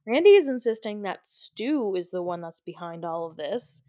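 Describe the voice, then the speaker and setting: A woman's voice: mid-range voice, sing-song, moderate pace, mellow, no room sound, clean studio sound. A young woman co-hosting a podcast, giving a casual, chatty recap of a film and giggling often as she talks. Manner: chatty, giggly, many "like" fillers. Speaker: podcast co-host. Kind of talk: casual movie recap chat.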